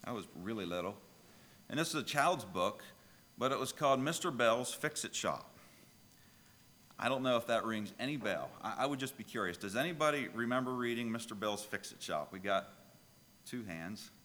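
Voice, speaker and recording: A pastor preaching a sermon, telling a children's story with lively, emphatic delivery. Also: male voice, medium pitch, moderate pace, big-room sound.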